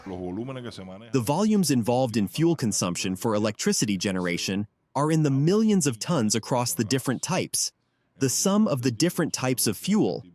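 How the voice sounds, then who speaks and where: Male voice-over, emphatic official tone, lively pitch. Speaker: voice-over interpreter. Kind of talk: translated official statement.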